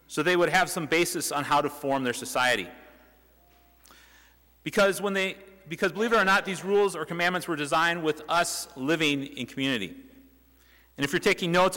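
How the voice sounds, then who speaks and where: Bright-voiced young preacher in a church. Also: male voice, fairly high pitch. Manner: conversational, with restarts and rhetorical questions. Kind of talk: sermon. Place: church sanctuary. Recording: reverberant church hall.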